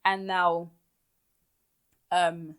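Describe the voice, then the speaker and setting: A woman talks through a reality show recap in a lowish voice. She is blunt, exasperated and opinionated, in a loose, casual podcast chat. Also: little pitch movement, extremely slow, a bit bright, clean tone. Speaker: podcast host.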